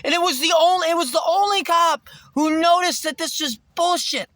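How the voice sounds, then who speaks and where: A man ranting to camera in a rambling, profane monologue, swinging between shouting and muttering. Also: very high-pitched, normal speed, no echo. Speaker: vlogger.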